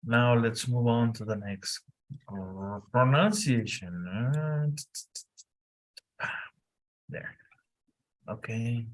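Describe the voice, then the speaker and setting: A man tutors a single student in English, speaking slowly and deliberately. He repeats each instruction patiently. His pitch sits in a middle range. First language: Spanish. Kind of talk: one-on-one lesson coaching.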